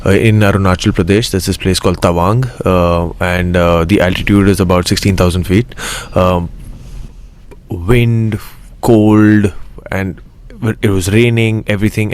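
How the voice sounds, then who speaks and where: A young man with a fairly low voice chats as an interview guest, from Mumbai. He talks eagerly and rambles, restarting his sentences often. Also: steady tone, moderate pace, darkish tone. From Mumbai, India. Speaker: actor guest. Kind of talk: casual interview chat.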